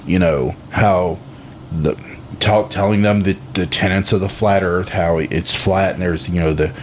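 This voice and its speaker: A man with a fairly low voice rambles through a casual podcast chat. He stops and restarts his sentences often. A faint hum sits under the talk. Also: fairly even intonation. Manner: halting, with many restarts. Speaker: podcast co-host.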